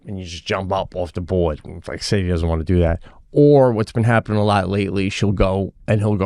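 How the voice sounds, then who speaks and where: A middle-aged man co-hosting a podcast, telling a story in a casual, animated way and acting out the voices of the people in it. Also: deep voice, fairly quick, no echo, clean studio sound. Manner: animated, acts out quoted voices. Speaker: podcast co-host.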